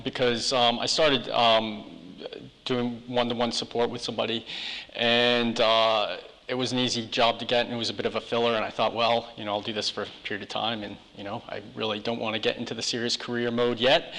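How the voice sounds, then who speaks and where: Guy on stage chat show, lots of ums, bright voice in a big reverby hall. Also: medium pitch. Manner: hesitant, many ums and restarts. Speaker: charity founder, guest. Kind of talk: live chat show interview. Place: live event hall.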